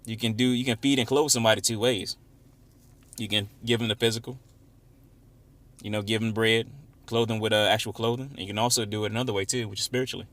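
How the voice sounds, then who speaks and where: A Bible teacher leads an informal Bible study, reading verses slowly and with emphasis, then explaining them in casual, conversational talk. His voice is lowish, steady in tone, and a bit bright.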